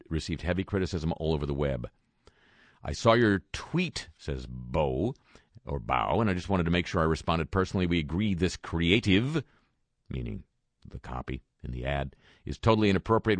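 A man's voice: rumbling low, no room sound. A man reading a news roundup with dry, sarcastic asides between quoted statements. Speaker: radio news commentator. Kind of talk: wry spoken news roundup.

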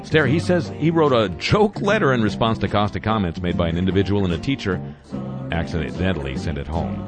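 Man, very low voice, deadpan satirical news host, wry asides, music playing underneath. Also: brisk.

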